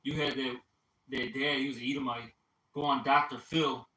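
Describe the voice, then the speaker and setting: A man in a casual group chat, talking in an animated way with lots of swearing, fillers and restarts. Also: mid-range voice, normal speed. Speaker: group discussion member. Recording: echoey room, far from mic, faint hiss.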